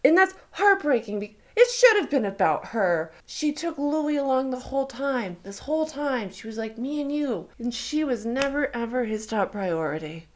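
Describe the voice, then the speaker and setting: Excitable young woman reacting to a trailer. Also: high voice, normal speed, few pauses. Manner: excitable, swears freely, gushing.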